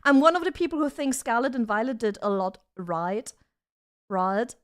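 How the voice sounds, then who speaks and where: Young woman, high voice, giggly casual streamer chatting from her desk. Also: expressive, moderate pace. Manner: bubbly, giggly, reads chat aloud. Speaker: vtuber streamer. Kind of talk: casual live-stream chat. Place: home desk setup.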